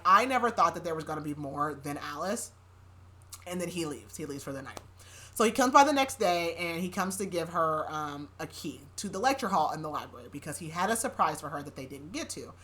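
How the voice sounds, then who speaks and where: Lowish, pushed, and bright, the young host's voice carries a chatty podcast recap of a novel, complete with sarcastic asides and lots of laughing.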